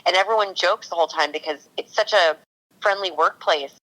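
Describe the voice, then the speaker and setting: A California woman who works as a cannabis consultant for a TV show talks enthusiastically in a casual podcast interview, telling stories. Her voice is fairly low, a little fast, bright, and forceful, and the audio is poor.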